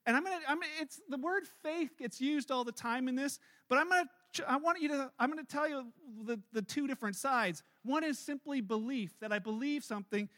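High bright-voiced male pastor preaching. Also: a little fast, few pauses. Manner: storytelling, animated, acts out quotes with rising loudness. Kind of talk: sermon.

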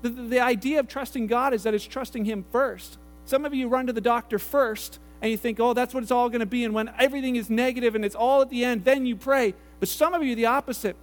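A male pastor preaching a conversational sermon, slipping into quick acted-out voices for the people in his stories. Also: very high voice, steady tone. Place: church sanctuary. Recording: roomy hall with mains hum.

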